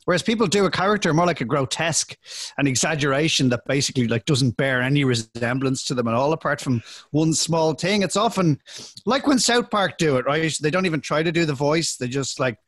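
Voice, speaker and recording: A man's voice: on the high side, lively intonation, fairly quick, a bit bright, no echo. A young actor co-hosting a podcast in casual chat, rambling and often restarting his sentences.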